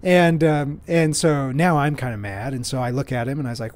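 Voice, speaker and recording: A man's voice: medium pitch, fairly even intonation, brisk, hardly any pauses, darkish tone. A man hosting his own podcast, telling stories in a rambling, self-deprecating way with lots of fillers. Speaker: podcast host. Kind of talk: casual solo monologue.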